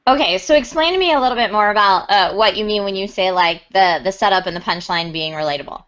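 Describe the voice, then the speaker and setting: A woman's voice: mid-range voice, quick pace, a bit bright, muffled recording. A woman hosting a casual chat show, bubbly and upbeat. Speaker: podcast host.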